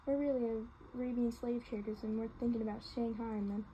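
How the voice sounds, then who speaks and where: A woman voicing a bright, teasing teenage girl in a playful manner while reading a novel aloud. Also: fairly high pitch, fairly even intonation, a little fast, lo-fi sound, slight background noise, lightly acted.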